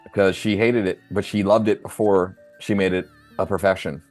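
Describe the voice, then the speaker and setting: A man's voice: low voice, little pitch movement, normal speed, darkish tone, soft background music. An American man running a tabletop game, chatting casually, rambling and swearing with lots of fillers. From United States. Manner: rambling, laughing, swearing freely. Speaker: game master.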